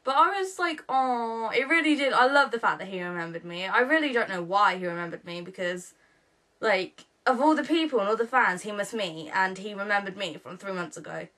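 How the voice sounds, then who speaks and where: A woman's voice: medium pitch, expressive, fairly quick, bright, forceful tone. A teenage girl, rambling through a casual vlog story with many fillers and quoted dialogue. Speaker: vlogger.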